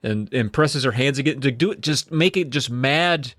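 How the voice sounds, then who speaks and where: A man's voice: medium pitch, moderate pace, dry recording, clean studio sound. A man co-hosting a podcast who recaps a story in casual chat and acts out the quotes. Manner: animated, acts out quotes in put-on voices. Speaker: podcast co-host.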